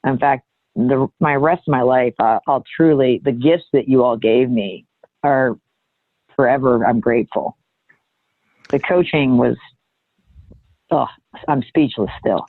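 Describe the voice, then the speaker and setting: Woman, earnest, halting, reflective storytelling, dry thin phone-like sound. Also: a bass voice, no room sound. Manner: earnest, halting, with many restarts. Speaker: guest.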